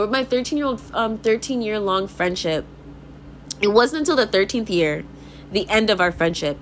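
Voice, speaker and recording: A young woman talking in a rambling, emphatic casual monologue, full of "like" fillers and swearing, sometimes laughing. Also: a little hiss or hum. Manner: animated, laughs and jumps into high mock voices.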